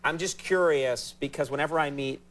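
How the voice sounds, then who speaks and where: A man hosting a late-night talk show, interviewing a guest in a jokey, animated way. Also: fairly high pitch, fairly quick. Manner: jokey, animated, slips into a mock Cockney voice. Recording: studio with audience and background noise.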